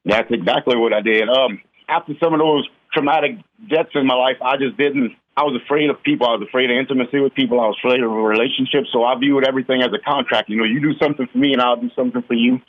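Cajun man talking fast over a phone line. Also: medium pitch, steady tone. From South Louisiana. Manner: plain, candid storytelling. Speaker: guest. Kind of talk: radio interview testimony.

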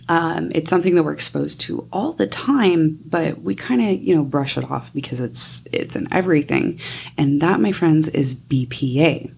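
A woman hosting a wellness podcast, chatting casually with lots of fillers, her voice scratchy and raspy today. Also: sits low, dark tone. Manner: chatty, informal, many fillers. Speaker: podcast host and nutrition coach. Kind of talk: casual solo podcast talk.

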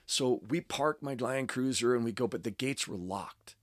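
A man's voice: mid-range voice, animated, measured pace, no echo, studio quality. A middle-aged man from the United States telling a story to a live fan audience at a panel, amused at himself and acting out the dialogue. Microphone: panel microphone.

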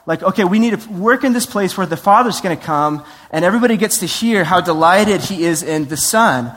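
A high-voiced man preaching with lively, conversational energy, slipping into acted-out voices and quick asides. His voice rings out in a large hall with a long reverb tail. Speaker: pastor. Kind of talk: sermon.

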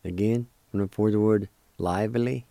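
A male radio host giving a language lesson, spelling and pronouncing words slowly and deliberately. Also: lowish voice, fairly even intonation, gravelly, mellow, no room sound.

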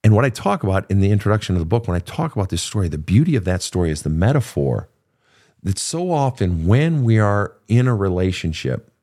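A man's voice: deep voice, a little fast. An older man hosting an advice show, talking casually and profanely, acting out quotes from clients as he tells stories. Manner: animated, profane, storytelling with acted quotes. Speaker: podcast host and therapist.

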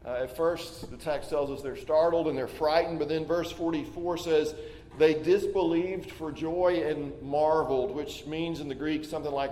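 A man's voice: fairly high pitch, fairly even intonation, moderate pace, warm tone, slight background noise. Man preaching in an echoey hall. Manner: conversational, plays out listeners' doubts aloud with repeated restarts. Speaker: pastor. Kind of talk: sermon. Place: church sanctuary. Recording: echoey hall with long reverb, faint ambience.

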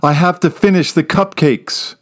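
A man's voice: fairly high pitch, fairly even intonation, normal speed, voice pushed up, close to an everyday voice. A man voicing a frazzled young mother near tears, pleading and repeating herself in a storybook reading. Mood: desperate.

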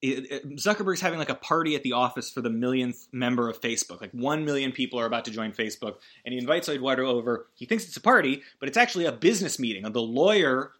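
A man casually recapping a film, rambling and animated, acting out the characters' lines and swearing freely. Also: mid-range voice, fast, few pauses. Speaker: podcast host recapping a film.

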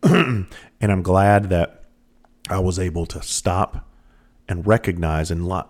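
A man's voice: low-pitched, darkish tone. A man in his thirties telling candid personal stories in a casual, rambling monologue, swearing freely.

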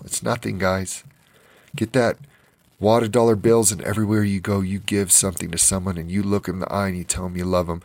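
A man's voice: sits low, flat delivery, a little fast, vocal fry, a little mellow, no echo. A man giving an informal Bible study sermon, passionate and emotional, teary and repeating phrases for emphasis. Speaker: Bible teacher.

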